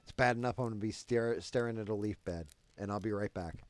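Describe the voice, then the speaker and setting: A man's voice: fairly low pitch, fairly quick, dry recording. Profane, rambling male streamer. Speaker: streamer host. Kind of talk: casual stream chat.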